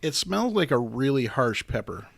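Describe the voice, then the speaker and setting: A man co-hosting a podcast, chatting casually and reacting loudly to a spicy challenge. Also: medium pitch, moderate pace, creaky, breathy edge. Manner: animated, swearing, hiccuping from spicy food. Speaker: podcast co-host. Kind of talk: casual chat.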